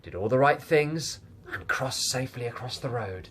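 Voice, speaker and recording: A man's voice: mid-range voice, lively intonation, normal speed, fairly bright tone, breathy edge. A man playing a prim male egg who hosts children's storytime in a bossy, sing-song nursery-teacher way over a video call. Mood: storytelling. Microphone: webcam or laptop mic on a video call.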